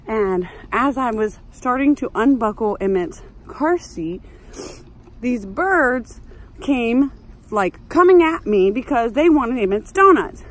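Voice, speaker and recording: A woman, telling a story in a chatty, animated vlog while walking outdoors. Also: on the high side, slow pace. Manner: chatty, animated, exclaiming, says "like" often. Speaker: mom vlogger.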